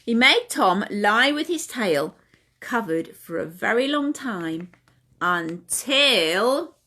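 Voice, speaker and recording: Brief: playgroup leader reading a picture book, bright and very animated. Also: female voice, medium pitch, takes it slowly. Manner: asks children questions, sing-song. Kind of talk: storytime reading for toddlers. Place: home.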